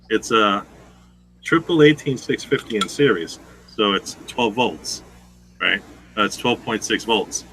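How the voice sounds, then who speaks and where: A man's voice: fairly low pitch, bright, forceful tone, a little hiss or hum, poor audio. A man hosting a casual chat, telling long rambling stories full of swearing. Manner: rambling, profane storytelling. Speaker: host.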